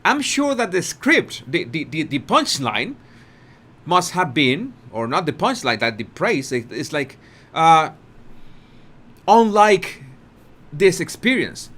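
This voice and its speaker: A man's voice: fairly high pitch, sing-song, measured pace, bright, forceful tone. A man hosting a commentary channel, breaking down a talk-show clip in an emphatic way, repeating words and laughing at his own points.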